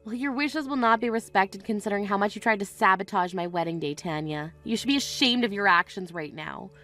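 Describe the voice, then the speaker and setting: A woman's voice: mid-range voice, a little fast, sharp tone, soft background music, natural voice. A woman voicing an indignant young bride who answers with cutting firmness in a voiced text-story drama. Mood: cold firm.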